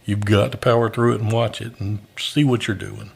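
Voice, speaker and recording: A man's voice: on the low side, flat delivery, fairly quick, creaky, husky. A man who does stand-up comedy, hosting a casual chat in a joking, easygoing way.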